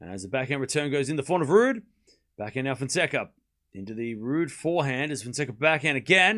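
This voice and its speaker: A male streamer calls tennis rallies live, his slightly raised voice jumping up in pitch and volume on big shots. Between points he drops into a low, blunt, casual rant at his chat. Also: fairly quick. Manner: excited play-by-play, then ranting casually at chat. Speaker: stream host and tennis commentator. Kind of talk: live watchalong commentary with chat.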